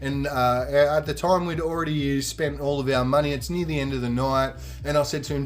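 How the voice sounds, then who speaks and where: Animated man telling a yarn. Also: a little high, brisk, hardly any pauses. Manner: animated, acts out quoted voices, swears freely. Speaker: podcast host. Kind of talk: casual storytelling.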